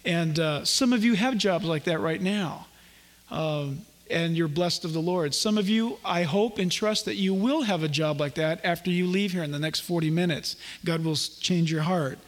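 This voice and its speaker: A man's voice: on the high side, normal speed, long reverb tail. A man preaching a sermon as pastor, folksy and joking, acting out little dialogues. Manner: folksy, jokey asides, acts out little dialogues.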